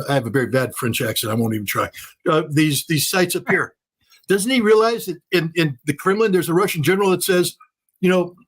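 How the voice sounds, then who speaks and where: A man speaking as an interview guest, talking fast and emphatically, hammering points home by repeating phrases. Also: a little high, animated, a bit bright, breathy edge. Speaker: guest commentator. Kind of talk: heated interview commentary.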